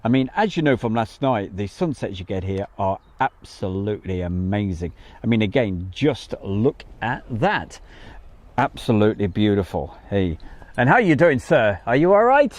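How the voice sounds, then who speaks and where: A man's voice: fairly low pitch, lively intonation, moderate pace. A man from the West Midlands of England chatting on a live airshow stream, rambling with lots of fillers. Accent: West Midlands English. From Wolverhampton, England. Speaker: airshow livestream host. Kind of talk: casual live-stream chat. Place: outdoors at an airfield.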